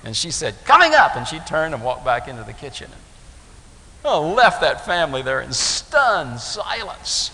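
Gravelly preacher man in an echoey hall. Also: on the high side, animated, normal speed, pushed and bright. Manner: storytelling, acts out voices in anecdotes. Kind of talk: sermon. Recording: echoey hall with faint hiss.

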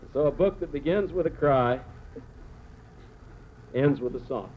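A man preaching a sermon, telling the story dramatically with slow, emphatic phrases. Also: a little high. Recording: tinny phone-like sound with faint noise.

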